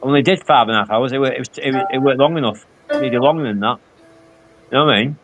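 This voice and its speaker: A man's voice: medium pitch, fast talker, music in the background. A man, telling rambling stories full of quoted dialogue on a casual live stream. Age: 50s. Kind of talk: casual chat.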